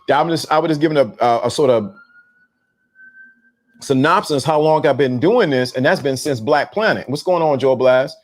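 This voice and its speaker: A middle-aged man hosting a casual live stream, talking in slang, repeating himself and giving shout-outs to viewers. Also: mid-range voice, normal speed. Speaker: host of a talk show on dating game. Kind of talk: casual live-stream talk reading chat.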